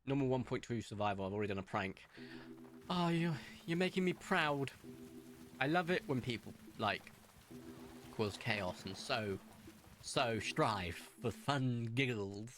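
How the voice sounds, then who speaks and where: With a lowish voice at a normal speed, a young man streams a game and talks as he goes. He's chatty and rambling, telling stories and tossing out comments with lively energy.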